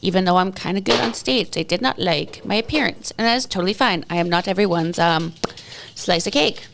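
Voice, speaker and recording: A woman's voice: lowish voice, a little fast, creaky, noisy background. A woman in her thirties hosting a podcast alone, chatting casually and rambling from topic to topic with self-mocking jokes. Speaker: podcast host. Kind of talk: casual solo podcast chat.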